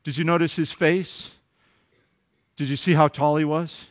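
Pastor, male, high voice, earnest sermon delivery, rhetorical questions, repeats words off the cuff. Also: flat delivery, unhurried. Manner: earnest preaching with rising emphasis and rhetorical questions.

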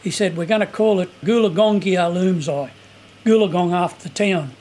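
An older man tells blunt, earthy stories in a casual interview. His voice sits high for a man, with a faint hiss of background noise behind him. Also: normal speed, a little mellow. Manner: blunt, earthy, chuckling anecdotes. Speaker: local landowner recalling the dig.

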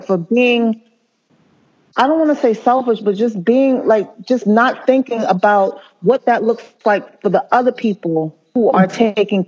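A male nurse speaking as an interview guest, earnest and impassioned, often halting and restarting mid-sentence. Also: high-pitched, darkish tone. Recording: muffled lo-fi audio.

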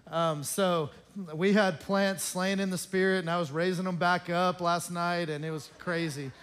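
Chatty male pastor with a high voice, joking with his congregation during church announcements. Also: fairly even intonation, normal speed, a bit bright, clear, resonant tone. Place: church sanctuary.

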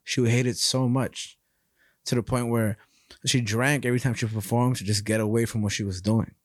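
A man's voice: medium pitch, brisk, no echo, clean studio sound. A young man co-hosting a podcast, telling rambling stories in a casual, profane way. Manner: rambling, profane, animated storytelling. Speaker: podcast co-host.

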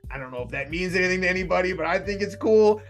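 A man's voice: high-pitched, lively intonation, racing, faint music behind. A man hosting a casual sports betting podcast, chatty and jokey, laughing often. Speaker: podcast host.

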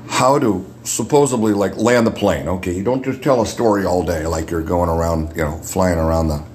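A man with a deep radio voice, a guest in a casual podcast chat, who often repeats words as he starts a thought. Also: fairly quick, darkish tone, a little hiss or hum. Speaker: guest, makeup artist.

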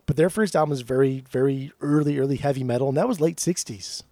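A man on a podcast, chatting casually in an animated, teasing way and swearing freely. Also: medium pitch, fast, no room sound. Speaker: podcast co-host. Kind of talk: casual chat.

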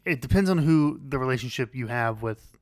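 A man co-hosting a podcast in casual chat, rambling and halting with many fillers and restarts. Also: mid-range voice, animated, no room sound. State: losing his voice. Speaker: podcast co-host.

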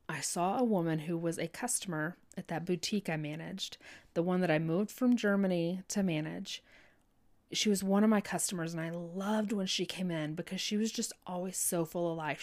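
A woman telling a heartfelt personal faith story in an earnest, halting way, full of restarts and fillers like "you know". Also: fairly low pitch, a little mellow.

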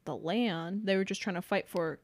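A woman's voice: on the low side, moderate pace. Bubbly woman chatting on a podcast. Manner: bubbly, giggly, uses "like" a lot. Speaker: podcast co-host. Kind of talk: casual chat. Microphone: podcast mic indoors.

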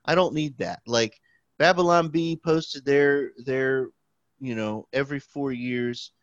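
A man's voice: medium pitch, takes it slowly, dry recording. A man co-hosting a podcast, chatting casually and making wry, sarcastic asides. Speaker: podcast co-host. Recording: dry, dull lo-fi mic.

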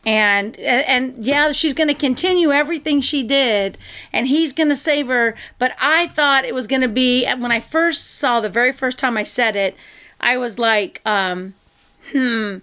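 A woman with a fairly high voice eagerly retells a film's story in a casual review chat. She jumps back to restart her sentences and keeps the account moving. She shares the hosting with a partner. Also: normal speed, bright, forceful tone, clean tone. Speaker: podcast co-host.

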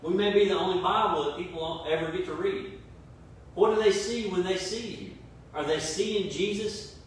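A male pastor preaches in a very echoey room, his slightly high voice carrying from a distance off the mic. He presses his points with repetition and questions, over faint room noise. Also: normal speed. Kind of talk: sermon. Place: church service streamed online.

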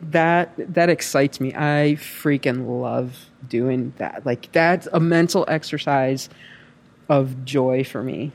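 A woman talks in relaxed casual chat about her acting work. She is animated and rambling, with a lot of fillers and restarts. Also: sits low, a little slow. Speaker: actress.

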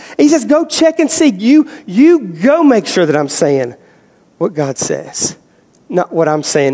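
A man preaching a sermon as pastor, animated, moving between loud emphasis and quiet storytelling. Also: high voice. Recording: hall reverb.

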